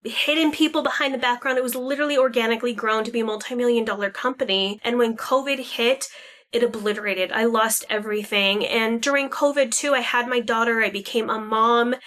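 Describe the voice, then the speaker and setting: A woman's voice: a little high, fairly even intonation, a little fast, a bit bright. A woman in her forties talking frankly and chattily straight to her viewers in a personal vlog. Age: 40s. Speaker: vlogger. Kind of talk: candid personal vlog talk.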